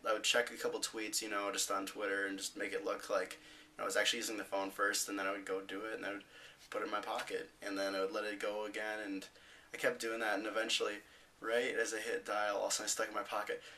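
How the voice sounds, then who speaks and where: Teen boy, vlogger, rambling story, bright, set back from the mic. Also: on the low side, far from the mic, rough recording. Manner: rambling, filler-heavy, animated retelling. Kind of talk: casual storytelling.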